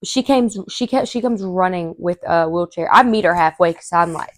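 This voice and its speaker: A woman, a podcast host telling a story casually and animatedly, acting out quotes in a high voice. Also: moderate pace, no echo, clean studio sound.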